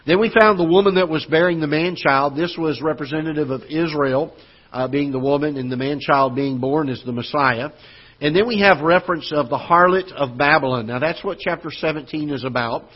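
A man's voice: a little high, a little fast, husky, muffled recording. A man preaching a sermon as pastor in a church auditorium, speaking earnestly and conversationally with fillers and restarts. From Florida.

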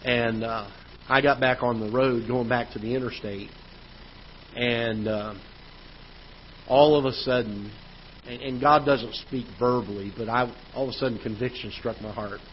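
A man, a pastor, preaching a sermon in a church auditorium, telling a personal story in a conversational way, growing loud at the frustrating parts. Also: mid-range voice, fairly even intonation, unhurried. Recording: dull church livestream audio with faint noise.

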